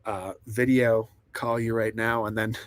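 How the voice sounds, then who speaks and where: A man's voice: lowish voice, flat delivery, a little slow, dry recording. A man rambling and laughing through a casual live stream from inside a truck camper, reading chat comments aloud. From United States.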